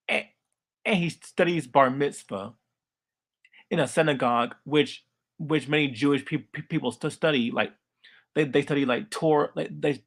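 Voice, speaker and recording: A young man giving casual cartoon commentary, halting and heavily repetitive as he talks. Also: a little high, gravelly, fairly bright tone. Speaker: video commentator.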